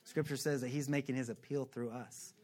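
A male pastor giving a lively, joking sermon and acting out quick character voices. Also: mid-range voice.

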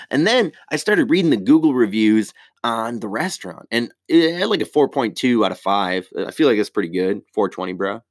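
A man's voice: mid-range voice, no room sound, studio quality. A man on a casual, rambling rant, heated and swearing heavily.

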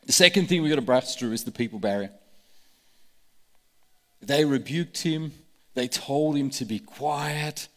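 A man's voice: mid-range voice, unhurried, pauses often. A man preaching a sermon with passion, acting out the voices he quotes. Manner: impassioned, acts out quoted voices. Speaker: pastor. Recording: long hall reverb.

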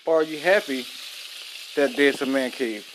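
A man's voice: medium pitch, moderate pace, noisy background. Profane married man chatting while cooking. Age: adult, married. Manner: loose, profane, talks straight to viewers. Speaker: vlogger. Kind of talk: casual chat while cooking.

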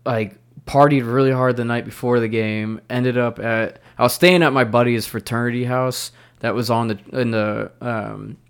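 A man in his thirties co-hosting a podcast, telling a long rambling story in casual chat and quoting people in lively bursts. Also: medium pitch, moderate pace, vocal fry, smooth. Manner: rambling, animated when quoting others. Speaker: podcast co-host.

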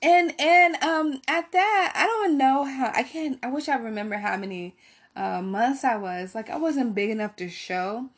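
A woman's voice: high-pitched, normal speed. A woman telling a personal story to her viewers in a casual, rambling way, swearing freely and filling her talk with "like" and "right?". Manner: candid, profane, rambling with many fillers.

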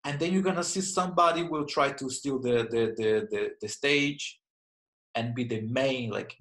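A man in his thirties, a martial arts instructor, answering interview questions in a reflective, halting way with many restarts. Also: mid-range voice, a bit bright, rough recording. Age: 30s.

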